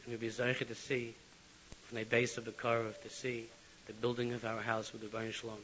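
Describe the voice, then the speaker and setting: A man giving an animated sermon full of storytelling, on a lo-fi recording with faint hiss. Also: medium pitch, fast. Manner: animated, swinging from loud to hushed. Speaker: religious speaker.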